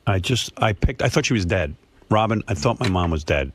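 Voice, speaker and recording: A middle-aged man in casual radio chat, telling an animated family story. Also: fairly low pitch, fairly quick, a little hiss or hum. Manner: animated storyteller, acts out his parents' voices.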